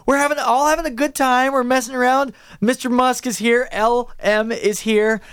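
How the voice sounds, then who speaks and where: A man's voice: very high-pitched, level tone, moderate pace, a bit bright, smooth, no echo, studio quality. A man co-hosting a comedy podcast, playful and sarcastic, often laughing along. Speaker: podcast co-host. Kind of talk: casual comedy podcast banter.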